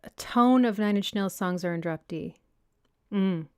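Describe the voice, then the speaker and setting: Young woman, livestream host, chatty and smooth, close dry mic. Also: mid-range voice, measured pace, darkish tone, no echo. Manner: chatty, reads out viewer comments and answers them. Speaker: music analysis channel host. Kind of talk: casual livestream Q&A chat. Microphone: personal desk mic.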